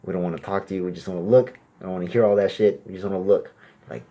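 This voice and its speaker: A young man performing a crude stand-up comedy set, brash, and loudly acting out little exchanges. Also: sits low, fairly even intonation, fast talker. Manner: crude, brash, acts out exchanges in raised voices.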